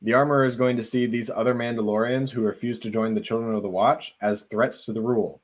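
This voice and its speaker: A man's voice: mid-range voice, fairly even intonation, fast. A man co-hosting a podcast, earnestly laying out a fan theory at length in casual conversation. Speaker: podcast co-host.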